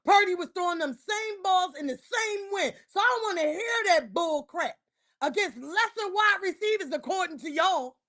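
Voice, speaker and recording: Fired-up philly woman ranting on her stream, super high voice, yelling at her team. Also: expressive, normal speed. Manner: heated, exasperated, trash-talking. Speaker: livestream host. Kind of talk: ranting sports reaction livestream. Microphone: streaming mic.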